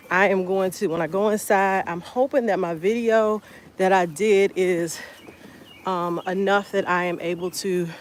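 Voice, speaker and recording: A woman's voice: fairly low pitch, slight background noise. A woman hosting a casual livestream outdoors in her garden, chatting with viewers by name while she harvests. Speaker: homestead livestreamer.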